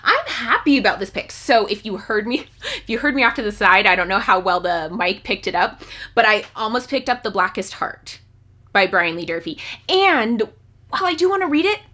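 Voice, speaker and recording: Bubbly, bright-voiced woman book vlogger. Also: mid-range voice, normal speed. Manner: excitable, chatty, with sudden squeals. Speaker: book YouTuber. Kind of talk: casual vlog chat.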